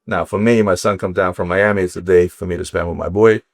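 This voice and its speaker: A middle-aged man from Ukraine, a watch dealer, telling stories in casual chat, animated and swearing freely. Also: deep voice, quick pace. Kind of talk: casual storytelling.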